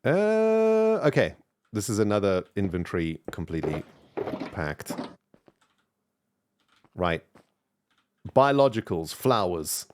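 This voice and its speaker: A man's voice: low-pitched, expressive, normal speed, slight background noise. A man from South Africa with a mixed South African and British accent, chatting casually on a live game stream and thanking viewers. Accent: mixed South African and British English. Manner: chatty, thanks viewers warmly, rambling with fillers. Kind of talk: casual live-stream chat while gaming.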